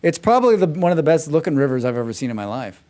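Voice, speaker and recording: A man's voice: fairly high pitch, sing-song, rapid-fire, darkish tone. A man livestreaming himself playing a game, chatting casually and making sarcastic, joking asides. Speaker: game streamer. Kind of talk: casual chat during a gameplay livestream.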